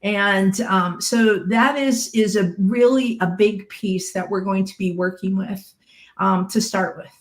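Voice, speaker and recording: Woman, shamanic medium, mid pitch, explanatory, example-driven. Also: fairly even intonation, measured pace. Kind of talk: teaching on a podcast panel.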